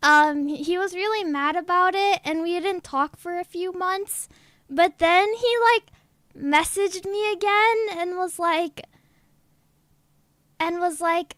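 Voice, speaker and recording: A woman's voice: extremely high pitch, slow pace, fairly bright tone, no room sound, clean studio sound. A woman with a girlish, childlike voice, telling a story in a giggly, rambling way as a VTuber chatting on stream. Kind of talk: casual stream chat.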